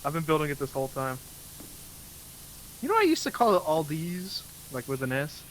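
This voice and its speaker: A man's voice: fairly high pitch, big pitch swings, moderate pace, a bit bright, a little hiss or hum, low-quality recording. A man chatting and joking as a guest while playing a game on a stream. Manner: joking, calls people bro. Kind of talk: casual chat while gaming.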